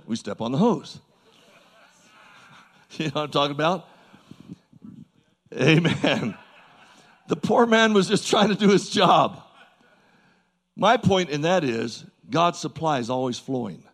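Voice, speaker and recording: A man preaching a sermon to a congregation in a church service, folksy and animated, with emphatic repeats and asides to the crowd. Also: medium pitch, gravelly.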